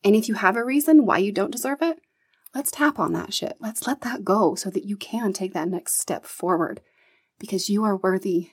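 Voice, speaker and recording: A woman's voice: mid-range voice, normal speed, slightly rough. A woman hosting her own podcast, talking earnestly and encouragingly, with casual swearing and an emotional edge. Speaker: podcast host. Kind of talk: solo motivational podcast talk.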